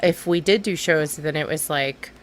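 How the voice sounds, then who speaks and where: A woman comedian being interviewed, answering in a relaxed, agreeable way. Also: low-pitched, normal speed. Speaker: comedian guest. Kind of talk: casual interview chat.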